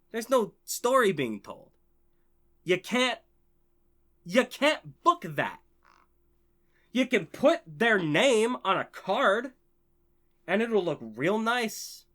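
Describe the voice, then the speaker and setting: A man ranting passionately on his own channel, heavily profane and swinging between biting sarcasm and loud, excited enthusiasm. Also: sits high. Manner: profane, heated, swings from sarcasm to shouting joy. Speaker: channel host. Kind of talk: impassioned ranting vlog.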